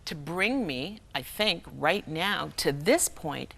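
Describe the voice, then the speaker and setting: Animated storytelling woman, bright voice. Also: sits low, slow pace, creaky. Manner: lively storyteller, acts out quoted voices, laughs often. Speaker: guest speaker and humorist. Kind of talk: telling a personal story on a talk show. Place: television studio.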